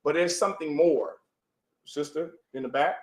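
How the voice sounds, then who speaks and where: A man's voice: on the high side, moderate pace. Emphatic preaching man in an echoey room. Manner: emphatic, repeats rhetorical questions. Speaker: religious class teacher. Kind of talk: preaching class with questions to listeners. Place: room with audience.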